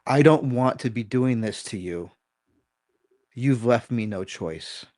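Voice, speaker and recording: A man's voice: medium pitch, lively intonation, slow, darkish tone. A man voicing a blunt defiant female dog. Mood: desperate. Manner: blunt, exasperated inner voice.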